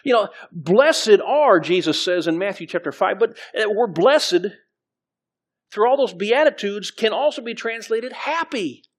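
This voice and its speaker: A man's voice: high voice, expressive, measured pace, husky. A middle-aged man preaching as pastor, conversational, with frequent restarts and scripture readings. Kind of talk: sermon.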